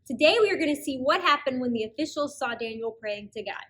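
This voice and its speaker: A woman with a high, bright voice leads a kids' church lesson. She talks in an upbeat, encouraging teacher manner and keeps a clear, steady pace. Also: quick pace. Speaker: children's ministry host.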